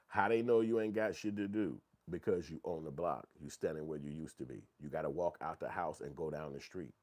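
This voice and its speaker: A middle-aged man, telling stories in casual, profane commentary and reading viewer comments. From Chicago. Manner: profane, animated storytelling, acts out quotes in a high voice. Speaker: channel host.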